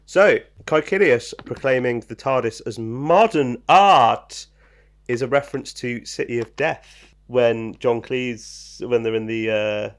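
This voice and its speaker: Man, podcast co-host, gravelly low edge, reads trivia casually with lots of ums and jokes. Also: takes it slowly. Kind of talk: casual chat.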